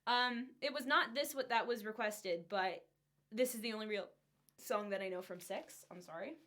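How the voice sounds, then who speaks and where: A woman's voice: mid-range voice, normal speed, bright, forceful tone. A woman streamer chatting casually between songs, apologetic and giggly, on a studio condenser microphone. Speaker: streamer and singer.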